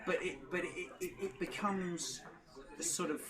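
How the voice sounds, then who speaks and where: A man's voice: high voice, unhurried. A man hosting a live interview, chatting casually and chiming in often with short affirmations. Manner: frequent short affirmations and laughs. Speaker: podcast host. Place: members' club with people talking nearby. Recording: busy room with crowd chatter.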